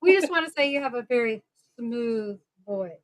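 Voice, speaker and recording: A woman's voice: fairly high pitch, animated, normal speed, no echo. A woman chatting casually on a livestream video call, laughing often through her words.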